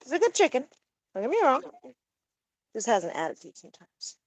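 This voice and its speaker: Bright sing-song woman coaxing pets. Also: high voice, sing-song, a little fast, no echo, low-quality recording. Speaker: pet owner vlogger. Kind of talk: casual chat to camera and animals. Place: backyard outdoors with chickens.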